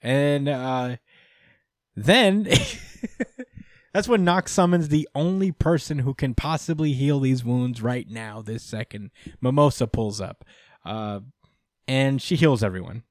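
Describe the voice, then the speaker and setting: A man co-hosting a casual manga review podcast, relaxed and full of fillers, recapping with playful quoted voices. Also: mid-range voice, a little slow, no room sound, clean studio sound. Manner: relaxed, many fillers, acts out characters in quotes. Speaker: podcast co-host.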